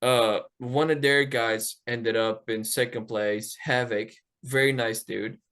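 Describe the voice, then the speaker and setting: Man, podcast host, casual storytelling, animated, swears freely, acts out quotes. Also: mid-range voice, slow, clean tone.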